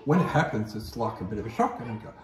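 A man's voice: fairly low pitch, animated, fast, recorded from a distance, background noise. A man with an Australian accent telling a story in a casual, rambling way, often repeating himself. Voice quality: rambling, repeats words, lots of "I says". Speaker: guest telling his testimony. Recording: echoey room, voice off-mic.

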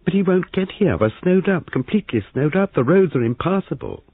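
A man's voice: mid-range voice, very animated, brisk, slightly rough, dry recording, pitched above the performer's own voice. A man voicing an anxious young wife who runs a guesthouse, with a flustered, pleading manner, heard in a phone-like, lo-fi reading.

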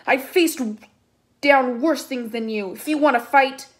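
A woman's voice: sits high, a little slow. A woman voicing an earnest teenage boy who stammers and shakes when frightened. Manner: shaky, stammering when scared.

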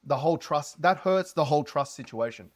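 A man's voice: on the high side, brisk. A man coaching on sales, talking to camera with lots of inflection and energy. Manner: animated, heavy inflection, energetic. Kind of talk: casual advice talk to camera.

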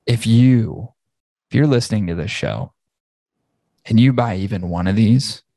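A man's voice: lowish voice, a little slow, gravelly, mellow, dry recording. A man hosting a podcast, ranting angrily and swearing heavily. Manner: profane, angry ranting. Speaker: podcast host. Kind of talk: casual podcast rant.

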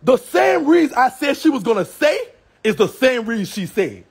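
A man's voice: very high-pitched, big pitch swings, normal speed, slightly rough. A man ranting on a livestream, brash and profane, trash-talking with a Southern US accent and frequent laughs. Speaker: live streamer. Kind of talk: livestream rant.

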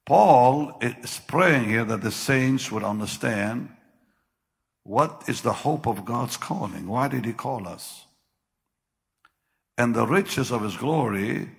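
An older man preaching a sermon, with sudden loud bursts and slow, drawn-out phrases. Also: on the low side, vocal fry. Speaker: pastor. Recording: long hall reverb.

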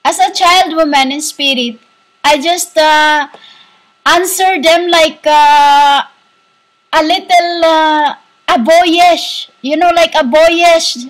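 High-voiced woman in a halting spiritual monologue. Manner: halting, heavy with fillers and restarts; often breaks into soft laughter. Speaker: self-styled spiritual teacher.

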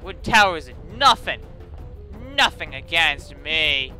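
Man, high voice, very bright, let's play commentary, playful taunting, faint game music behind. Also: takes it slowly. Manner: playful taunting, excited shouts. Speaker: gamer doing a let's play. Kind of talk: excited gameplay commentary.

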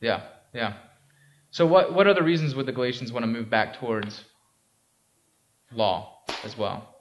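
A man's voice: mid-range voice, moderate pace, lo-fi sound, slight background noise. A male pastor giving a conversational sermon in a church. He asks the congregation questions and often checks in with "right?". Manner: casual and interactive, frequent "right?" and "um". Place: church sanctuary.

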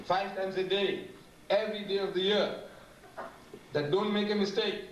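A man gives an animated, humorous public lecture and sometimes mimics other voices. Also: fairly high pitch. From South Africa. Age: 70s. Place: large lecture hall. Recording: echoey hall, distant mic, noisy.

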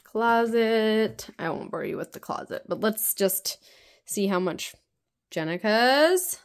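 A woman's voice: mid-range voice, measured pace. A woman in her thirties chatting casually in a home vlog, rambling with lots of fillers. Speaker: vlogger.

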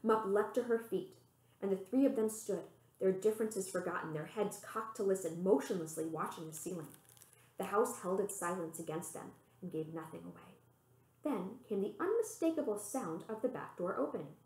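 Librarian, woman, storybook read-aloud, expressive, roomy echo. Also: normal speed. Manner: expressive, voicing the characters with pitch lifts.

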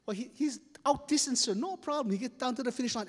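A man from Hawaii with a Hawaiian Pidgin accent telling a folktale on stage, dramatic and animated, pausing to explain slang. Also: very high voice, in a large hall. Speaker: storyteller. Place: festival stage.

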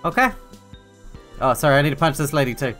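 A man's voice: medium pitch, quick pace, fairly bright tone, soft background music. A man giving casual, jokey let's-play commentary while playing a game. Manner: chatty, jokey, apologetic. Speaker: gameplay commentator.

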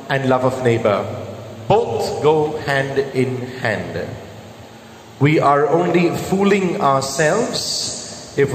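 Priest for a Mass, male, measured homily delivery, long church reverb, faint room hiss. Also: medium pitch. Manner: slow, measured preaching with stressed words.

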